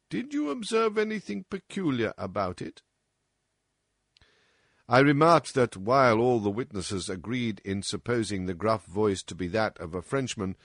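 A man voicing a calm, analytical male detective who lays out his reasoning in a measured, lecturing way, as in an audiobook. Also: lowish voice, dry recording, studio quality, exaggerated voice. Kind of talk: audiobook character reading.

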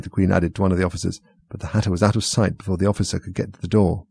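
A man reading a storybook aloud as narrator in a measured, even way. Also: deep voice, creaky, breathy edge, dry recording. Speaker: audiobook reader. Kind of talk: scripted narration.

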